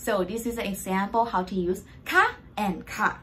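A young woman with a Thai accent works through viewers' questions as a language teacher. She explains step by step, patient and polite, in a voice of ordinary pitch for a woman. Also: steady tone, racing, a bit bright, slight background noise. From Thailand. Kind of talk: Q&A language lesson.

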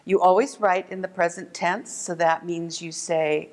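A woman teaching a lesson for children, gentle and clear, slowing down to sound out words. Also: lowish voice, steady tone, long reverb tail. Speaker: museum art educator. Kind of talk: instructional video lesson for kids.

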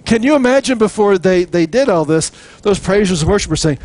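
A man preaching a sermon, animated and chatty, acting out little scenes and chuckling between points. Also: high-pitched, a little fast. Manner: animated, jokes and acts out quotes. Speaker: pastor.

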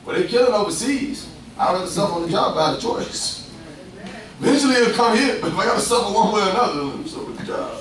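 A man preaching a sermon, animated and lively, swinging from loud bursts to hushed asides. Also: high voice, fast. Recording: echoey room picked up from far off, faint ambience.

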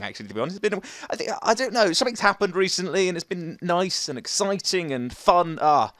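A young man giving casual, excitable commentary over gameplay. He yelps and chatters at the game as he plays. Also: high voice, quick pace, hardly any pauses, no echo. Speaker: gaming commentator.

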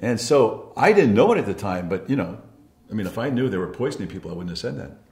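Older man, candid storytelling, swears a lot, restarts sentences, lively up-and-down pitch, roomy echo. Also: quick pace. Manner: profane, blunt, with frequent restarts. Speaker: interviewee recalling past.

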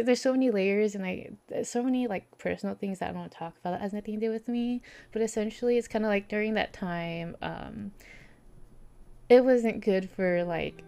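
A woman's voice: mid-range voice, gravelly, a little mellow. A young woman livestreamer talking casually and rambling with lots of fillers, greeting chat, at times close to tears. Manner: rambling, filler-heavy, reads chat aloud. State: near tears.

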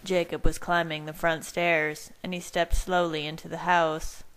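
A woman with a low voice reading fan fiction aloud in the first person. She narrates at a steady, measured pace. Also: clear, resonant tone, poor audio. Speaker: reader.

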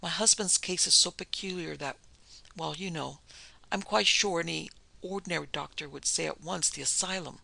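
A narrator voicing Mrs Pender, an anxious, timid middle-aged wife who rushes her words nervously. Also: lowish voice, vocal fry, pushed and bright, exaggerated voice. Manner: nervous, tremulous rush of words.

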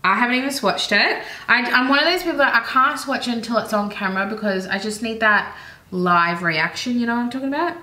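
Bright chatty Australian woman. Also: a little high, fairly quick. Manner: chatty, enthusiastic, rambling asides. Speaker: beauty vlogger. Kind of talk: casual product haul chat. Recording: roomy echoey room.

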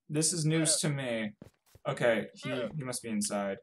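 A young man giving casual, swearing let's-play commentary, swinging from mumbling to frantic yelling. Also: mid-range voice, moderate pace. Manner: swears a lot. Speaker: gaming YouTuber.

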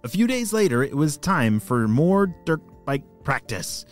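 A man narrating a children's story with a playful, enthusiastic delivery. His voice sits a little high for a man and swoops widely up and down. Faint music plays behind him. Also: very animated, unhurried. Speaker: children's storyteller and podcast host.

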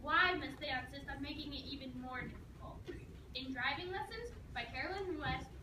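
A woman performing a comic dramatic monologue, telling the story in a sarcastic, animated way. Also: high-pitched, normal speed. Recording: echoey room, mic far off, noisy.

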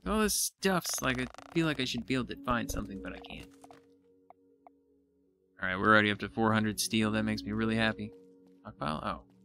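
A man giving casual let's-play commentary, excitable and thinking aloud as he explores, now and then poking fun at himself. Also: fairly low pitch, a little fast, creaky, long pauses, soft background music. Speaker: gaming YouTuber.

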